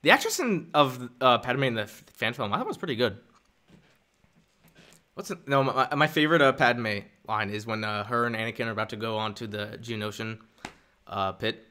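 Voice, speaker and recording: A young man chats casually on a live stream at his desk mic, animated and quick to laugh. His tone is bright and his pitch bounces around a lot, with frequent stumbles and restarts.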